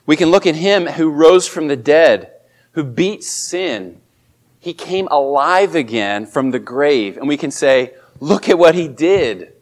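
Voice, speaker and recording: A man preaching a sermon as a pastor, speaking earnestly and lifting his voice on emphatic lines. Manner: earnest, rises in pitch and volume on emphatic quotes.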